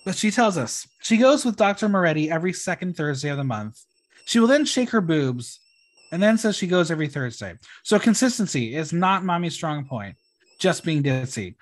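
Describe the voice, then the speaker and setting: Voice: mid-range voice, sing-song, moderate pace. A podcast host recapping a reality show in a casual, chatty way, with wry asides.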